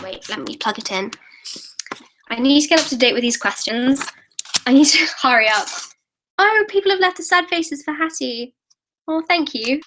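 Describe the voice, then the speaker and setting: A teenage girl hosts a live Q&A from her computer, reading viewer comments aloud and answering in a chatty, giggly way with quick restarts. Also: a little high, a bit bright, low-quality recording. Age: teens. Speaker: YouTuber hosting a live Q&A.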